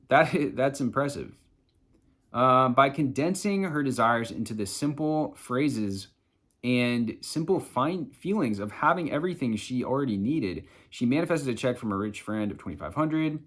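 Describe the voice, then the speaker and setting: A man's voice: medium pitch, lively intonation, moderate pace, fairly bright tone. Chatty man explaining self-help steps. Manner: loose, chatty, swears casually. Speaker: manifestation coach.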